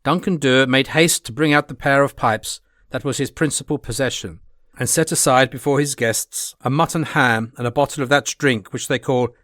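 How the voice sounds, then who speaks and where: Male audiobook narrator, classic novel, steady plain reading, mid pitch, dry close recording. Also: no room sound.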